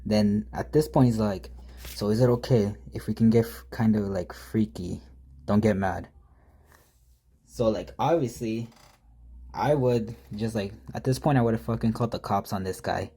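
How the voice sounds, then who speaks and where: A man's voice: lowish voice, normal speed, warm tone, husky. Cussing man telling a prank story. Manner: profane, mocking, exasperated commentary. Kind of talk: casual storytime reading out texts.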